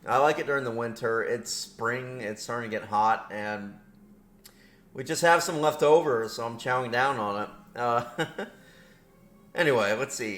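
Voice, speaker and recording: Wearing a headset, a man casually commentates his strategy game, rambling, correcting himself and laughing often. His voice is mid-range, unhurried and a bit bright, with a roomy echo on the recording.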